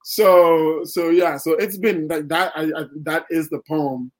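A man's voice: a little high, steady tone, measured pace, rough recording. Rambling young man, filler-heavy chat. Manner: rambling, many fillers and restarts. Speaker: guest poet. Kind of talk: casual interview talk.

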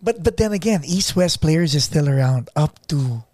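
A man's voice: fairly high pitch, animated, moderate pace, mellow, dry recording. A man hosting an interview podcast, reacting with enthusiasm and asking follow-up questions. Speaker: podcast host. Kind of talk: conversational interview.

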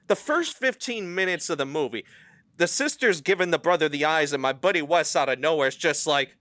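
Lively, bright man telling a story. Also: fairly high pitch, fairly quick, no room sound. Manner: animated, swears freely. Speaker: podcast co-host. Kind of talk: casual storytelling.

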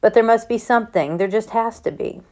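A woman voicing a gentle, worried country mother who speaks softly and comfortingly, in a plain reading of a storybook. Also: a little high, brisk, close to an everyday voice. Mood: tender.

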